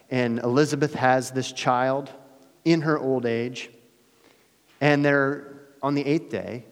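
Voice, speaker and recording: A male pastor preaching a sermon in a dramatic way, swinging from loud emphasis to hushed asides. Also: mid-range voice. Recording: long hall reverb.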